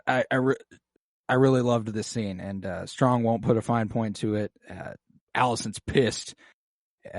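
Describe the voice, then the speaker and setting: A man's voice: fairly low pitch, no echo, studio quality. A man co-hosting a podcast, casually retelling scenes with lots of swearing. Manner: profane, animated retelling. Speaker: podcast co-host. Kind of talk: casual recap chat.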